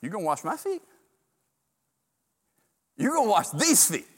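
Brief: man acting out a stubborn male disciple, high, insistent, loud protest. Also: wildly swooping pitch, moderate pace, husky, long reverb tail, full character voice. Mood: incredulous. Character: impetuous male disciple, emphatic and incredulous.

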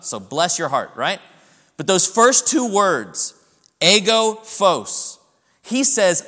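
A man preaching a sermon in a church, his voice sitting high. He presses his points with strong, rising emphasis. A long reverb trails each phrase. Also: very animated, moderate pace, sharp tone. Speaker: pastor.

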